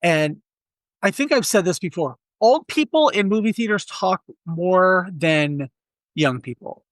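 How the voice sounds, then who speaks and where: Speaking a little slowly in a high voice with no room sound, this podcast co-host reviews movies casually. His storytelling is animated, with many restarts and quotes he acts out.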